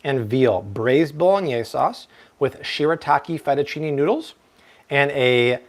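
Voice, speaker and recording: A man in his thirties hosting a live-stream cooking demo, chatty and energetic, now and then slipping into playful broken Spanish. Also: mid-range voice, a little slow. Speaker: cooking show host.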